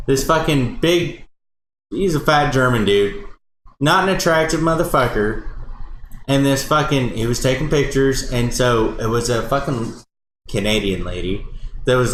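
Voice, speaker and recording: A man's voice: mid-range voice, normal speed, a bit bright. A man co-hosting a podcast, telling long rambling stories full of swearing. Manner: profane, rambling anecdotes. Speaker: podcast co-host. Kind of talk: casual chat, storytelling. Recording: echoey room with faint hiss.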